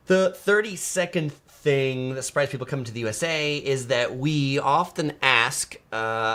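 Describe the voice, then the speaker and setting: A man's voice: medium pitch, a little slow, hardly any pauses, sharp tone. A man hosting a casual live stream, reading viewer comments aloud and chatting, often slipping into playful mock voices. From United States.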